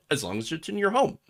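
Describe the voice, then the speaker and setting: Sarcastic, lively-voiced male commentator. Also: high-pitched. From Michigan. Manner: sarcastic, animated, chuckles often. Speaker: political commentary host. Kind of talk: casual political commentary.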